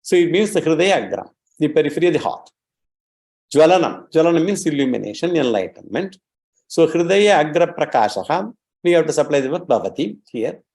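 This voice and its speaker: A man giving a religious lecture, explaining Sanskrit terms slowly and carefully. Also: fairly high pitch, animated, darkish tone. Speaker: scripture teacher.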